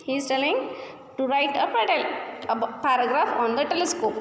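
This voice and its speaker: A woman teaching a lesson, drilling word stress by repeating words slowly, syllable by syllable. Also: high voice, animated. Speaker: English teacher. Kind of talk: classroom lesson explaining pronunciation and vocabulary. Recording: echoey room with long reverb, faint hum.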